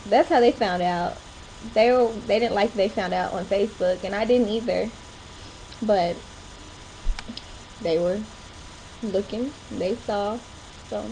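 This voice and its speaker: A woman's voice: medium pitch, a little slow, pauses often, dark tone, slight background noise, low-quality recording. A young woman chatting casually in a home vlog, rambling along with short laughs. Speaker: vlogger. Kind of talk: casual chat.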